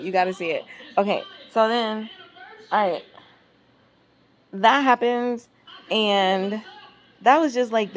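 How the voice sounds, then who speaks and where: A mother vlogging a casual storytime, exasperated and swearing freely as she tells it. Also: medium pitch. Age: adult parent. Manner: exasperated, profane, animated storytelling.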